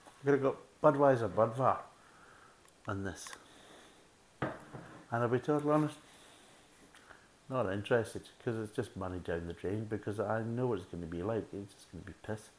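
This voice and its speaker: A man's voice: fairly low pitch, moderate pace, pauses often, low-quality recording. A man reviewing beer in a casual, blunt, rambling way, repeating himself often. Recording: faint background hiss.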